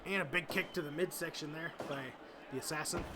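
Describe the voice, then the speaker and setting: A man hosting and giving excitable play-by-play commentary over a wrestling video game, shouting on big moves and relaxing into laid-back asides. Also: on the high side, fairly quick, very noisy.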